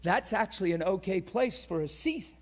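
High-voiced man preaching with fierce swings. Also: animated, fairly quick. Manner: swings from loud shouting peaks to hushed near-whisper; acts out quoted crowd voices with gasps. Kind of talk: passionate sermon.

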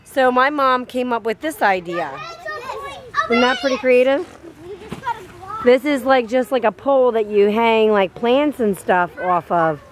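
A woman's voice: a little high, lively intonation, unhurried, background noise. A young woman narrating a family vlog outdoors at a backyard pool, chatting to viewers with lots of "like" fillers. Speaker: family vlogger.

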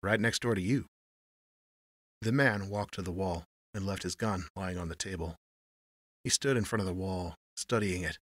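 A man narrating a noir story in a measured storytelling manner. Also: low-pitched, fairly bright tone, no echo.

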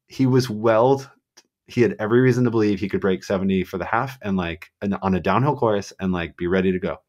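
A man on a podcast telling running stories in a casual, animated way, acting out quotes with lots of fillers. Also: lowish voice, fairly quick. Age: adult with a child. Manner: animated storyteller, acts out quotes, many fillers. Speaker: guest marathon runner.

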